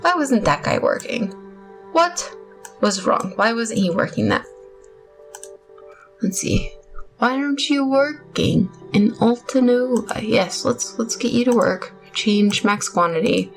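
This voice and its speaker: A woman's voice: a little high, sing-song, unhurried, rough recording. A young woman hosting her gaming channel, talking casually and rambling through her gameplay with self-mocking laughs. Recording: faint music behind voice.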